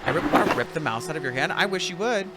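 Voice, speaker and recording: A man hosting a let's play, chatting casually and joking with friends while solving a puzzle, in an animated, exasperated manner. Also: fairly high pitch, fast. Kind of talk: casual gaming chat with friends. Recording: loud game music behind voice. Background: loud game music.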